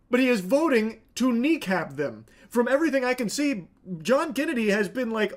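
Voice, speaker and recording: A man hosting and commenting on a clip, ranting in a sardonic, profane way. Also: sits high. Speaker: host.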